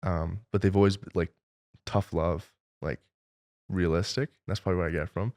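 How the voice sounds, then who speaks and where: A man's voice: deep voice, fairly even intonation, moderate pace, darkish tone. A young man, a film director being interviewed, telling stories in a casual, rambling way full of fillers.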